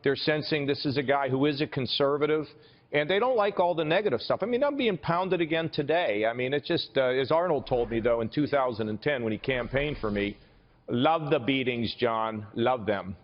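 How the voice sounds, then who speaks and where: A man's voice: on the high side, animated, brisk. A man in his sixties from Ohio, a political candidate speaking upbeat and insistent in a remote TV interview, often saying the interviewer's name. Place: outdoors in snowy weather. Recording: dull lo-fi broadcast feed with long reverb.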